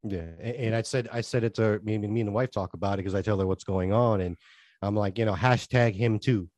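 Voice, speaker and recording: A man's voice: on the low side, fairly even intonation, brisk, darkish tone, no echo. A man co-hosting a casual podcast chat, talking in long earnest rambles that trail off and restart. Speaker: podcast co-host.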